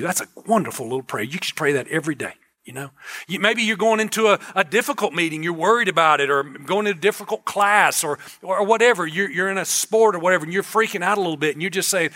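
A man's voice: sits high, expressive, fast, sharp tone. A man preaching as a pastor in a conversational, emphatic sermon style, repeating key phrases for emphasis.

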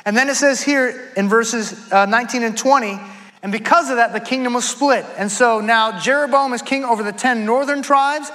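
A man's voice: extremely high pitch, moderate pace, sharp tone, rough recording. A man preaching a sermon, retelling a scripture story in a casual, conversational way and reading verses aloud. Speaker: pastor.

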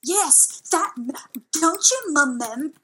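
A woman improvising a comedy scene as a crew translator, rambling and excitable in her storytelling. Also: sits high, slow, slight background noise, poor audio.

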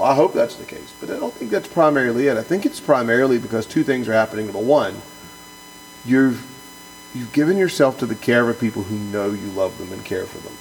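With a lowish voice, vocal fry and a slightly mellow quality, this man co-hosts a podcast as a pastor. He reads a passage from a book and talks it through with earnest emphasis, frequently starting over and repeating words. The recording quality is low.

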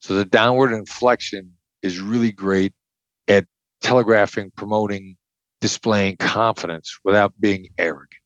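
A man's voice: lowish voice, fairly even intonation, normal speed, no echo, muffled recording. An older man from the Midwest, a former hostage negotiator, explaining his techniques bluntly and emphatically in an interview. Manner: emphatic, blunt, repeats key points. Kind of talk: conversational explanation.

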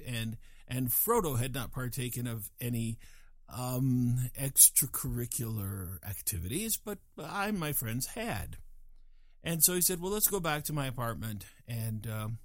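A man's voice: mid-range voice, no room sound, studio quality. A man in his sixties from Louisiana tells a long, digressive story to a group, with self-mocking asides. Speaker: speaker telling a story to a group. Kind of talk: casual storytelling.

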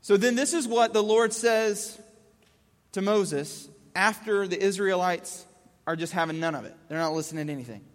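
Man, high voice, casual Bible teaching, rhetorical questions, long hall reverb. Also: normal speed. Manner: casual, asks rhetorical questions, restates points in plain words.

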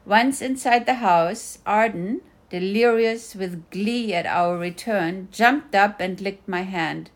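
Middle-aged woman, memoir reader, unhurried and dryly wry delivery. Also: mid-range voice. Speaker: mother narrating a personal story. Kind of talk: first-person memoir reading.

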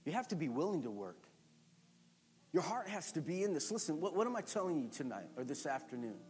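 A male pastor preaching a sermon, emphatic and repetitive, building to forceful calls. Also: fairly high pitch, very animated, fairly quick, faint music behind.

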